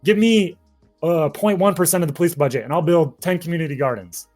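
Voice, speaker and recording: A man's voice: fairly high pitch, a little fast, darkish tone, soft background music. Heated, profane male activist. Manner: passionate, gets emotional. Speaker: activist guest. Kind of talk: casual interview talk.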